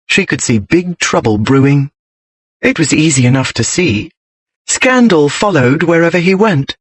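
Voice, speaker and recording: Guy narrating an audiobook, kinda high voice, steady pace, totally dry recording. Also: no echo.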